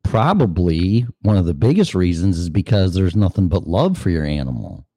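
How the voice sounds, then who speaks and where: In clean studio sound with no echo, a show host with a low, dark-toned voice rants through an opinion monologue, very animated at a moderate pace. He is sarcastic and curses, occasionally breaking into other voices mid-rant.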